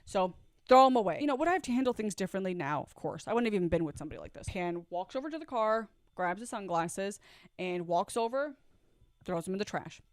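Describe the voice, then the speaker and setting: A woman with a deep voice recounts her own story in a candid, reflective storytime vlog. Her pitch sits mid-range, and she voices the lines of the people in it as she goes. The sound is dry and close. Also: lively intonation, fast, no echo. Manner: candid, reflective, acts out quoted dialogue.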